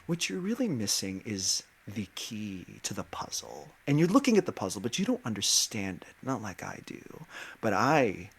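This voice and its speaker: A sly male villain from a tabletop fantasy game purrs flattery at the players in a low, confiding voice, as a man puts him on. He speaks softly, almost as if making friends, but passive aggression creeps into every line. The delivery stays hushed and intimate. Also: moderate pace, husky, exaggerated voice. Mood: coaxing. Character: smooth-talking manipulative male fantasy villain.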